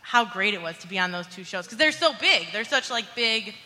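A woman's voice: medium pitch, expressive, a little fast, bright, forceful tone. A woman in the audience asking a question at a live show, rambling and gushing with many fillers. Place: theater audience mic. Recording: reverberant theater hall.

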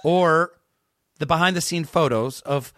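A man in a casual comedic podcast chat, pitching absurd ideas in a playful, deadpan way. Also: a little slow, no echo, studio quality.

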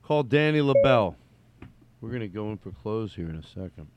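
A man's voice: lowish voice, animated, brisk, very noisy. A man hosting a casual solo podcast, rambling and blunt, with casual swearing. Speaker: podcast host.

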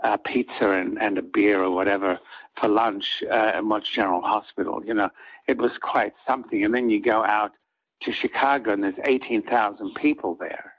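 An older man with a husky voice, a soap opera actor telling rambling anecdotes in an interview and acting out what others said. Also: fairly low pitch, moderate pace, dull audio. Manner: rambling, acts out quoted lines of others.

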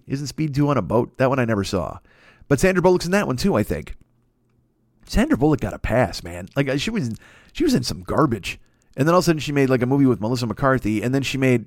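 A man's voice: mid-range voice, big pitch swings, quick pace, no room sound, studio quality. A man hosting a comedy podcast, riffing in a profane, rambling mock-rant. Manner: profane, riffing, mock-ranting with put-on voices. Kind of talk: rambling comic monologue.

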